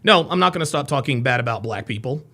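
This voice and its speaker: A man hosting a casual livestream, reading out viewers' names and places with upbeat shout-outs and dropping into low mumbled asides. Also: lively intonation, fast talker. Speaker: livestream host.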